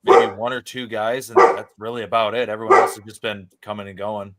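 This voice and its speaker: A man's voice: fairly low pitch, flat delivery, fairly quick, very noisy. A man co-hosting a casual talk show, talking loosely and filling gaps with "like". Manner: chatty, hedging with "like". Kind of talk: casual chat.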